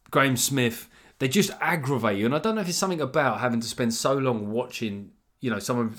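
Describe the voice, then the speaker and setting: A middle-aged man hosting a podcast solo, rambling through jokey, swear-filled asides into a mic that sometimes clips. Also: medium pitch. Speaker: podcast host. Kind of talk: solo comedic monologue. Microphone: gain set too high, clipping at times.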